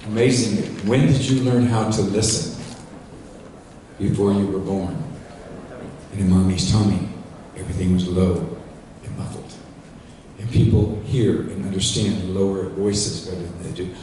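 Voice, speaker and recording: With a lowish, dark-toned voice at normal speed, this sales training presenter addresses a seminar audience over slight background noise. He talks through a cordless handheld mic on a PA, folksy and instructive, while directing the sound tech. The recording comes from far off in a large, echoing hall.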